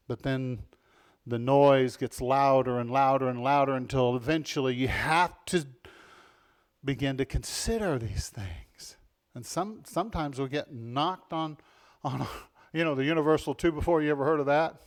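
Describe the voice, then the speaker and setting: A male pastor preaching a sermon in an animated way, dropping to soft, intimate passages and rising to loud, emphatic ones, often asking the congregation questions and laughing. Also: mid-range voice, moderate pace.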